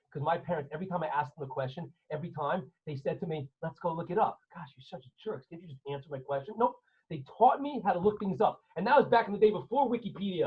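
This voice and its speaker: A male rabbi teaching an online class, telling stories in a theatrical, joking way, with a husky voice. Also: on the high side. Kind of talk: online class storytelling lesson. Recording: slightly dull online call audio.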